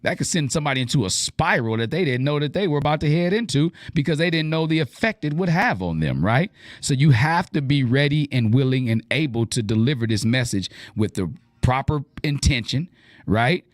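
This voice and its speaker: A man's voice: mid-range voice, lively intonation, brisk, no room sound, studio quality. A man hosting an advice radio show, talking casually and animatedly in slang and acting out the lines he quotes.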